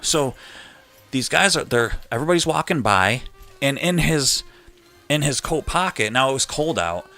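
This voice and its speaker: A middle-aged man hosting a live chat show, telling a long story in a loose, animated way and acting out the people in it. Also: mid-range voice, normal speed, soft background music. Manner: rambling, animated retelling with quoted voices. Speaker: host.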